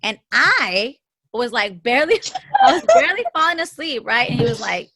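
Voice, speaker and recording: A woman's voice: a little high, very animated, normal speed, pushed and bright. A woman co-hosting a casual podcast, telling a story animatedly with lots of swearing and laughter. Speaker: podcast co-host. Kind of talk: casual chat.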